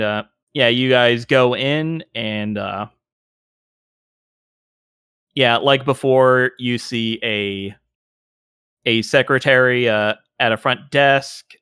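A man narrating a tabletop game as game master, halting and full of filler words. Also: medium pitch, bright, forceful tone, clean tone, dry recording, studio quality.

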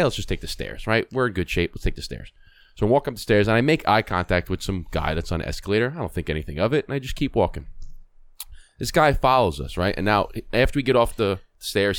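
A middle-aged man, a podcast host telling a story in casual conversation, animated, acting out quoted voices and restarting often. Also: on the low side, clean tone, no room sound.

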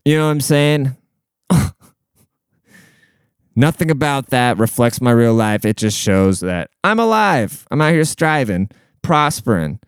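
A man's voice: medium pitch, clean tone, dry recording. A man in his late twenties rambling in a casual, profane, slangy monologue.

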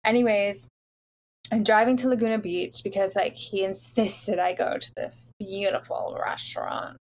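A young woman from the Los Angeles area talking casually and telling a dating story. Her voice sits mid-range in pitch, and she packs her sentences with "like" fillers. She is animated and keeps the story moving. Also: moderate pace. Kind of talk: casual chat.

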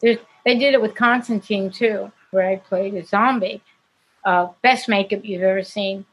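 Woman, actress guest on a video-call interview; husky, chatty storyteller who laughs a lot. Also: mid-range voice, fairly even intonation, normal speed, rough recording. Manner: chatty, laughs often while telling stories. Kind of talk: casual anecdote telling.

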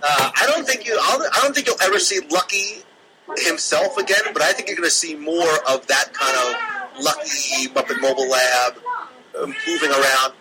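Speaking from his own room, away from the live audience, a man appears as a podcast guest and chats casually, thinking aloud with plenty of fillers. His voice is a little high and his pace moderate, with heavy background noise behind him.

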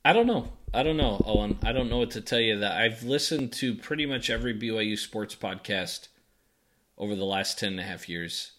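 Male podcast co-host, lowish voice, easygoing and chatty. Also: brisk, a bit bright. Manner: laid-back, reads listener messages aloud. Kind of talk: casual podcast chat.

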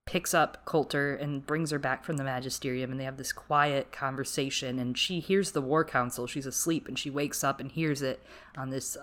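Woman podcast co-host, low voice, emphatic casual recap chat. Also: moderate pace, few pauses. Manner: emphatic, animated storytelling.

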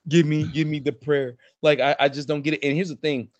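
A man, co-hosting a casual podcast chat and ranting in a profane, animated way. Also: on the high side, brisk, dry recording. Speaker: podcast co-host.

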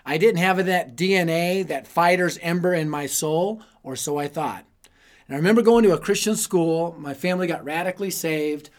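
Man, higher voice, youth preacher, funny self-deprecating storyteller, punchy timing. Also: moderate pace. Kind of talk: humorous storytelling sermon.

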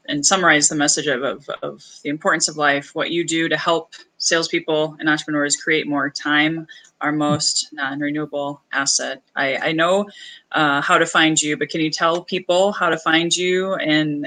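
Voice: mid-range voice, sharp tone, low-quality recording. An interview host who asks questions and praises the guest with enthusiasm. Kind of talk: interview hosting.

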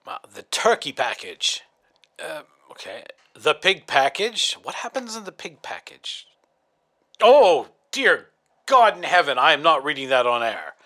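A man's voice: medium pitch, very animated, moderate pace, bright, forceful tone. A man hosting an audio fiction show, reading a sponsor ad with dry, mock-horrified comedy. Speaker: podcast host.

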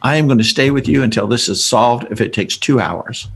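A man voicing a gentle, polite phone support agent in a story he tells. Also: mid-range voice, a little fast, slightly rough.

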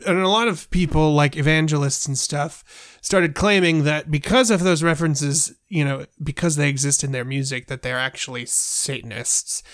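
Male co-host, easygoing explainer, a bit high-pitched, dry sound. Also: fairly even intonation, normal speed, hardly any pauses, fairly bright tone, no echo. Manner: explanatory, loose, with fillers. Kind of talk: casual chat about films and music.

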